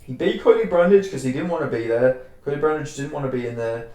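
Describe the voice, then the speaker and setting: An Australian man talks through fight predictions in a loose, rambling way, circling back on his words and swearing casually. His voice sits at an ordinary middle pitch. The recording rings with heavy room echo. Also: fast talker, mellow. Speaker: MMA fight predictions host. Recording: very echoey room.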